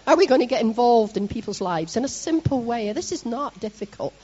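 A middle-aged Scottish woman from Scotland giving a lively, chatty sermon to her congregation, with self-mocking asides. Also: a little high, a little fast, breathy edge, lo-fi sound. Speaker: church leader preaching.

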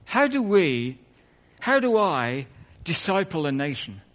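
A man's voice: fairly high pitch, big pitch swings, slow pace, a bit bright. A man preaching a conversational sermon in church, full of asides and self-corrections.

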